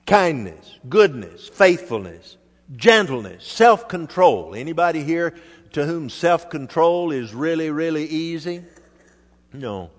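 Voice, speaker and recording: An older man preaching a sermon, measured and emphatic, sometimes dropping soft. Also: a little high, lively intonation. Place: church hall. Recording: reverberant hall.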